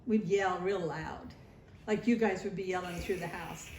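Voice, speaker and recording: A woman's voice: on the low side, steady tone, normal speed. Older woman reminiscing in an echoey room. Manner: warm storytelling, nostalgic, acts out family voices. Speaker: grandmother sharing family memories. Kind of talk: recorded family interview. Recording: roomy echo, faint ambience.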